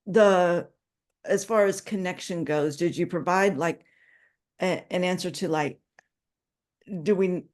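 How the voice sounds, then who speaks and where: A woman's voice: on the low side, slow pace, long pauses, a little mellow. A woman taking part in a group discussion from home on a video call, thinking aloud with fillers. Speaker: group participant. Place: at home with dogs.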